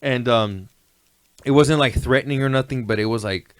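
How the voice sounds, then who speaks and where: A man's voice: mid-range voice, normal speed, smooth, dry recording. A man telling stories in a laid-back, rambling way, often asking "you know what I mean". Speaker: guest. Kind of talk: casual storytelling chat.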